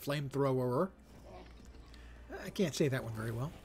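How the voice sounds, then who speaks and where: Male streamer, mid pitch, wry and muttering casual commentary, faint ambient hiss. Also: lively intonation, normal speed. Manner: wry and chatty, mock-judging player names. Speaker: game streamer.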